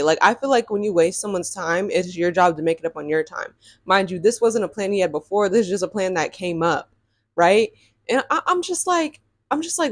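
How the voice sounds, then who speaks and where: A woman's voice: mid-range voice, normal speed, no echo. Sassy young woman telling a storytime. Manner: animated, sassy, laughs often. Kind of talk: casual storytime.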